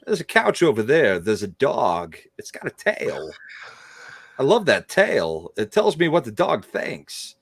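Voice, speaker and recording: Guy doing a weird halting celebrity voice, wandering off on tangents, pitch swinging up and down, super dry sound. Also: huge pitch swings, breathy edge, no echo, exaggerated voice. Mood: deadpan rambling. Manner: stilted pauses, rambling nonsense tangents. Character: man doing a halting, oddly paced impression of a famous actor, drifting off on tangents.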